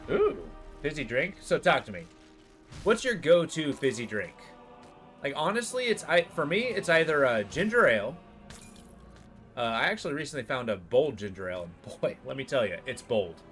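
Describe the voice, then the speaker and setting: A man's voice: medium pitch, big pitch swings, moderate pace, a bit bright, soft background music. A man livestreaming a game, chatting casually with his viewers in a rambling way full of fillers. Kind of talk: casual chat while gaming.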